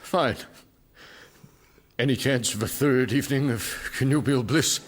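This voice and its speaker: A man's voice: mid-range voice, a little slow, natural voice. A pompous, self-pitying young father, as an actor plays him in a radio sitcom. He declaims his woes grandly, with faint noise behind the voice. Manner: pompous, theatrical, whiny.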